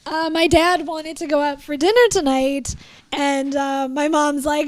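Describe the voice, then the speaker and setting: A woman's voice: sits high, steady tone, a little slow, dry recording. A Canadian woman co-hosting a hockey podcast, playful and giggly, also reading a sponsor spot. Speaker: podcast co-host. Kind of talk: casual chat and read sponsor ad.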